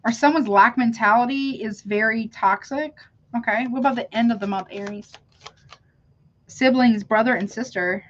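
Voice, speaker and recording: A woman reads tarot cards on a live stream. She chats loosely with her viewers, breaks off mid-sentence and calls them honey. Her voice sits a little high, and the sound is dull and lo-fi. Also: moderate pace, a bit bright. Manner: chatty, calls viewers honey, self-interrupting. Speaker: tarot reader. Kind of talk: live tarot reading, reacting to chat.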